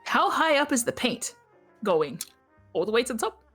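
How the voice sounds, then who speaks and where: A woman's voice: a little high, very animated, moderate pace, fairly bright tone, soft background music. A woman playing in a tabletop game, chatting casually and joking with her group. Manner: playful and joking, laughs often. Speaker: player.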